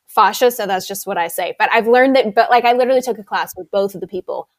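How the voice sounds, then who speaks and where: A woman's voice: mid-range voice, fast, no echo. A woman movement instructor explaining her method in an interview, eager and detailed.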